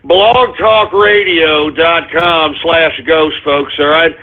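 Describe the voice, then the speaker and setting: A man's voice: on the high side, steady tone, slow. Winded, agitated radio host man. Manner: agitated, swearing, out of breath. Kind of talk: call-in radio talk. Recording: phone-like narrow audio.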